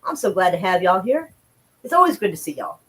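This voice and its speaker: A woman's voice: lowish voice, sing-song, a little fast, heavy background noise. A woman streaming casual news commentary, blunt and profane, chatting with viewers between headlines.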